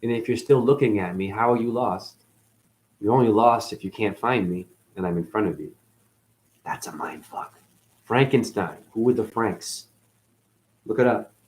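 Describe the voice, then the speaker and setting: A man rambling through a profane spiritual monologue, dropping to mutters and then jumping up in excited bursts. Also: lowish voice, moderate pace, long pauses, low-quality recording. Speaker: spiritual video host.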